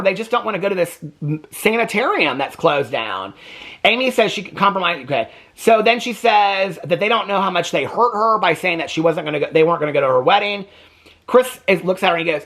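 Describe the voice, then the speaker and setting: A man casually recapping a reality TV episode for his vlog, chatty and animated, acting out the quoted lines as he goes. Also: sits high, quick pace. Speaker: TV reaction vlogger.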